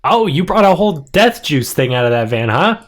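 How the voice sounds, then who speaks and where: Brief: cocky crude thug, voiced by a man, quick and brash. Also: fairly high pitch, sing-song.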